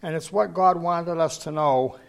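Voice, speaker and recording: A man teaching a Bible study to a gathered group in an informal sermon. He tells stories in a rambling way with many restarts, and reads scripture slowly and with emphasis. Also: on the high side, gravelly. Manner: slow, emphatic scripture reading. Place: church gathering, in person.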